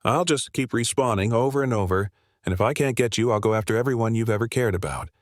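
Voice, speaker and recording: A man's voice: mid-range voice, fast talker, dry recording, clean studio sound, close to an everyday voice. A man voicing an arrogant male demon lord villain, with a snappish, boastful manner. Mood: irritable, arrogant.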